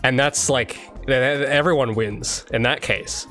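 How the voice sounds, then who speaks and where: A man's voice: medium pitch, unhurried, sharp tone, soft background music. A young man streaming his game development, rambling enthusiastically in casual chat with many restarts and fillers.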